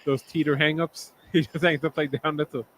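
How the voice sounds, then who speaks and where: A man's voice: fairly high pitch, level tone, a little fast, fairly bright tone, slight background noise, rough recording. A man co-hosting a casual podcast, teasing the others with jokes. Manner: teasing, joking. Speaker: co-host. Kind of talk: casual chat.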